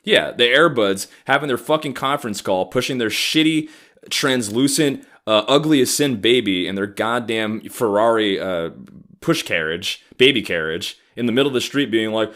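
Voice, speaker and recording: A man's voice: mid-range voice, expressive, normal speed, a bit bright. A man in his thirties hosting a comedy podcast, delivering an angry, profane, sarcastic rant. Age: 30s. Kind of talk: ranting comedic monologue.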